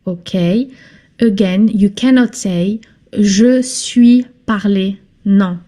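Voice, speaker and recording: Slow, patient woman teaching French. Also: medium pitch, mellow. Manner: slow, patient, repeats phrases for learners. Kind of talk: slow classroom lesson.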